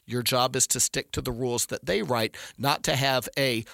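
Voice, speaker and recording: A man's voice: medium pitch, moderate pace, creaky, hardly any pauses, bright, forceful tone, no room sound. A middle-aged man giving discursive, emphatic legal analysis in conversation, often restarting his sentences. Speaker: legal commentator.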